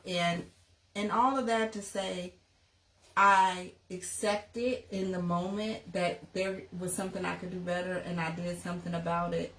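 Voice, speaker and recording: A woman's voice: lowish voice, fairly even intonation, a little slow, a bit bright. Reflective woman coach in an echoey room. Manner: reflective, tells personal stories. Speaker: couples and personal development coach. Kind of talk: casual conversation on a podcast. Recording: echoey room, distant from the mic.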